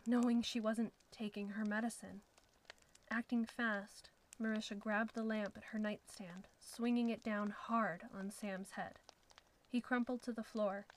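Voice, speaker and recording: A woman narrating a suspenseful story in a steady storytelling manner. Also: medium pitch, poor audio.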